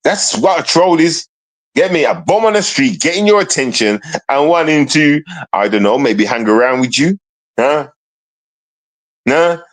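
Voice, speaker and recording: A man's voice: on the high side, expressive, a little slow. A man on a casual livestream ranting at online trolls, confrontational and profane, repeating himself often.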